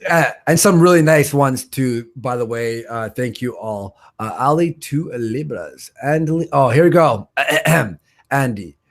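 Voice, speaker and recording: A man's voice: medium pitch, measured pace. A man hosting a live stream, casually reading out viewer donations, joking and stumbling over names. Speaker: stream host.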